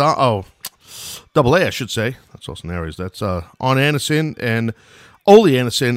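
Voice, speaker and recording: In clean, dry studio audio, a middle-aged podcast host with a New York accent talks through an old wrestling match. His mid-range voice stays loose and chatty as the play-by-play rambles off into asides.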